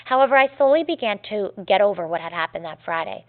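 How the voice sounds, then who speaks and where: A woman teacher reading a story aloud to her students in a clear, measured, gently expressive way. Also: medium pitch. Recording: tinny phone-like lo-fi recording.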